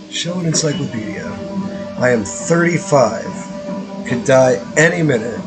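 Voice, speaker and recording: A man's voice: medium pitch, a little slow, music in the background, low-quality recording. A man streaming a strategy game, chatting casually in a rambling, joking way with profane asides. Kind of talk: casual let's-play commentary.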